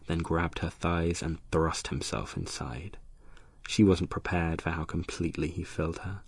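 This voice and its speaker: A man narrating an erotic audiobook in a slow, hushed, lingering delivery. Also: deep voice, creaky, breathy edge, no echo.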